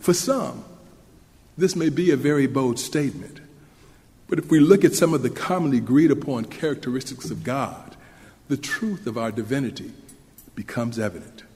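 A man preaching a sermon in an earnest, measured way, speaking to a congregation with occasional questions to them. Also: medium pitch, a little mellow. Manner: earnest, measured delivery with audience asides. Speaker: minister. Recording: long hall reverb.

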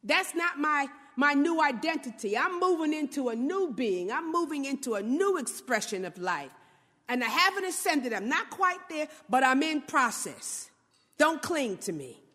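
A woman preacher voicing a calm, tender holy teacher who speaks softly and reassuringly, pitched high and moving freely up and down. The voice carries a long hall reverb. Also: normal speed, heavily acted. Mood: gently reassuring.

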